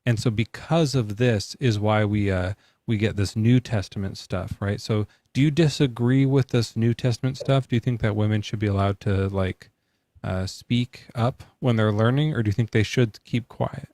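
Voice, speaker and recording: A man's voice: fairly low pitch, moderate pace, mellow, no echo. Rambling, joking man hosting a live debate. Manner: loose, rambling, joking, lots of likes and ums. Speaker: podcast host taking callers. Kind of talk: casual live debate chat.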